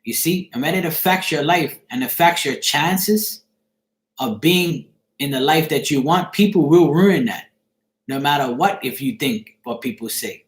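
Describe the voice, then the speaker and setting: A man's voice: on the high side, lively intonation, measured pace, roomy sound. A middle-aged man chatting casually to viewers on a live stream, rambling and checking if they follow him. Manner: rambling, repeats "you see what I'm saying".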